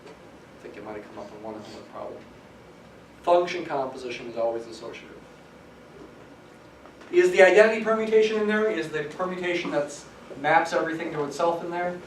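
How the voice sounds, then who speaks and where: A man's voice: fairly high pitch, expressive, fairly quick, long pauses. Male lecturer in an echoey classroom. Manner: explanatory, stresses key words. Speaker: math professor. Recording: echoey classroom from some distance, faint hiss.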